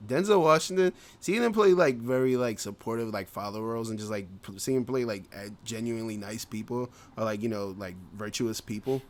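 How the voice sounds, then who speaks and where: A podcast co-host chats casually, rambling with lots of fillers and frequent laughter. He speaks brisk and with few pauses in a medium-pitched voice.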